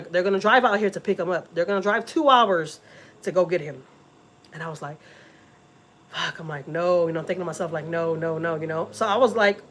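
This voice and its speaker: Woman, middle-aged, family vlogger, casual emotional storytelling, repeats words. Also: on the low side. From Texas. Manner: emotional, repeats words, talks straight to viewers.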